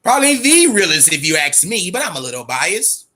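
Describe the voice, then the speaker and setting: A man's voice: sits high, sing-song, fairly quick, bright, forceful tone. A man hosting a boxing show, talking casually and profanely, amped up and fidgety, repeating himself often. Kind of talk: casual livestream talk.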